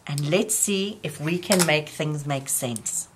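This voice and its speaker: A woman teaching young children in a gentle, patient way, often asking them questions. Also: low-pitched, slow pace, background noise. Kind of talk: slow children's lesson.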